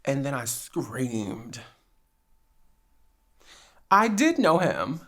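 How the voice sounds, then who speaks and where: A woman's voice: a bass voice, drawn-out words. A woman from New Jersey hosting a podcast, telling a story with lots of laughs and acted-out quotes. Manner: animated, acts out quoted dialogue, frequent laughs. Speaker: podcast host. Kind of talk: casual storytelling chat.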